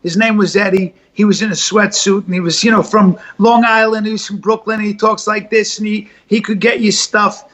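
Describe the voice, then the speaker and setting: A man chatting as a podcast guest, telling animated stories with many restarts and some swearing. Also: sits high, brisk, few pauses. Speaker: guest, comedian and actor. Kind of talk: casual podcast chat.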